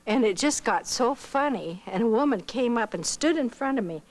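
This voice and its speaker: An older woman from Iowa giving a missionary testimony, telling her story with lively acted-out dialogue. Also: a little high, normal speed, poor audio. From Iowa, United States. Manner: animated storyteller who acts out quoted dialogue.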